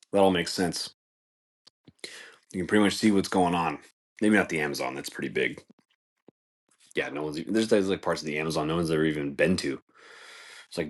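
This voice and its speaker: A man hosting a podcast, telling stories in a laid-back, rambling way, swearing freely and filling his talk with "like" and "dude". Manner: acts out voices in quoted speech, jumping far higher. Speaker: podcast host. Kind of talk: casual storytelling monologue.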